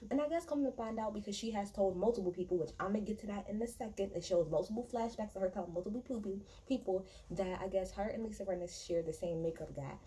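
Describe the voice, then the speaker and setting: A woman's voice: medium pitch, quick pace, hardly any pauses, dark tone, rough recording. A woman giving a casual, blunt and profane recap of a reality TV episode, talking in a chatty way with many fillers and restarts. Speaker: reality TV reviewer.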